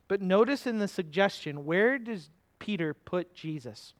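Male pastor, higher-pitched voice, conversational sermon that asks the listeners questions and slows down for scripture. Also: lively intonation. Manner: slows down to stress key scripture words.

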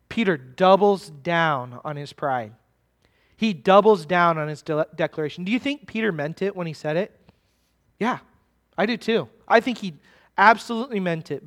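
Male pastor, high voice, emphatic sermon delivery, drawn-out stresses, chatty asides. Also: animated, fairly bright tone. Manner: emphatic, slowing down to stress key words; conversational asides to the congregation.

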